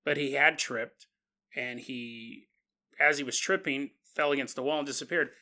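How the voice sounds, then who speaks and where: A man hosting a paranormal podcast, telling a strange story in a casual, animated way with chuckles and conversational asides. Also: mid-range voice, moderate pace. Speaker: podcast host.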